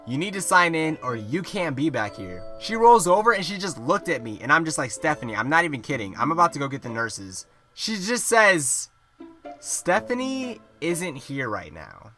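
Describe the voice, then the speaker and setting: Young male vlogger, fairly high voice, swears a lot, soft music bed. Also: sing-song, brisk. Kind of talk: storytime vlog.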